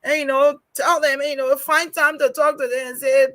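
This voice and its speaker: A woman's voice: sits high, little pitch movement, moderate pace, few pauses, a bit bright. A woman hosting a casual panel talk show, speaking earnestly and often repeating words while she gathers her thoughts.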